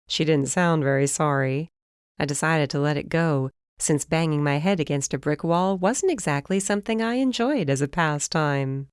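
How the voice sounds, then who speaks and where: A young woman narrates a first-person novel in a wry, conversational tone. Her voice sits a little low and sounds smooth and crisp. The recording is dry and close. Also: normal speed, dry recording. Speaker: audiobook narrator.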